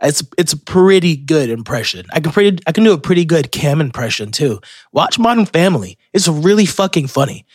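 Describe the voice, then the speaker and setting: A man's voice: on the high side, sing-song, fairly quick, breathy edge, no room sound, studio quality. A young man hosting a podcast, telling rambling, profane stories in a casual solo monologue. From Florida. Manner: rambling, profane, self-interrupting storyteller. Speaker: podcast host.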